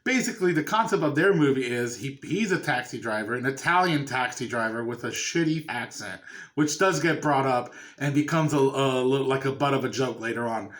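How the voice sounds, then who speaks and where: A man's voice: medium pitch, expressive, moderate pace, fairly bright tone. A man chatting loosely about a horror film he watched, swearing casually as he recaps it. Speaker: movie reviewer. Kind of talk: casual review chat.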